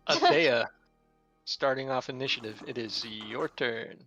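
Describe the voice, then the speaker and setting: Bright-voiced man running a tabletop game. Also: medium pitch, unhurried, dull audio, faint music behind. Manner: relaxed, descriptive, with filler words. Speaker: game master.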